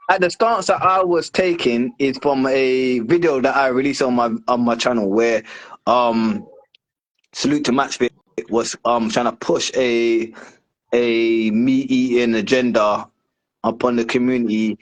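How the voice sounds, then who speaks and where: A man in mid-range pitch talks through his stance as a guest in a casual chat. He rambles, fills pauses with "um" and "like," and restarts his sentences often as he works out what he means. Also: rough recording. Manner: rambling, many fillers and restarts, explaining at length. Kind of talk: casual discussion.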